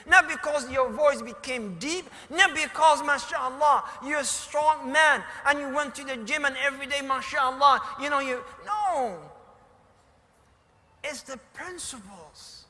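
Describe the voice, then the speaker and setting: A man preaching in English, telling a story with quiet passages and sudden shouted emphasis. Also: very high voice, a little slow. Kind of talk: sermon storytelling. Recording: hall reverb.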